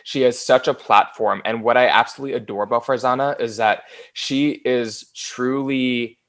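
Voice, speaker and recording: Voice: mid-range voice, fairly even intonation, normal speed, fairly bright tone. A podcast co-host talking enthusiastically and gushing praise in a casual chat.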